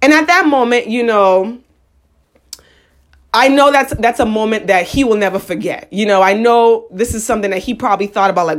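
Animated young woman telling a story. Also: on the high side, fairly quick. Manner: animated, slangy, acts out quotes. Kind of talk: casual storytelling monologue.

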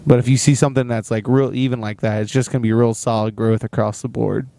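A young man talks easily through a work story on a podcast, chuckling between lines. His voice sits in a middle pitch. It is recorded close and dry, with no room sound. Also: quick pace, vocal fry, dry recording. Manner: storytelling, relaxed, laughs often. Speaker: podcast co-host. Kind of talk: casual chat.

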